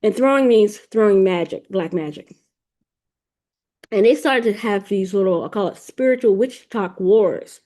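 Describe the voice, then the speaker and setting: Woman podcast host, warm mellow tone, rambling casual storytelling, repeats words. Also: mid-range voice, normal speed. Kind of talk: casual spiritual storytelling monologue.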